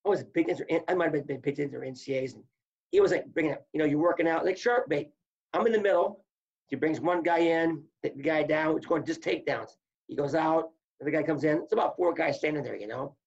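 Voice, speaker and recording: A man's voice: a little high, fast, gravelly, breathy edge, highs cut off. A man, a former wrestler, telling stories in casual talk and acting out what people said. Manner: animated storyteller acting out quotes. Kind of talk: casual storytelling.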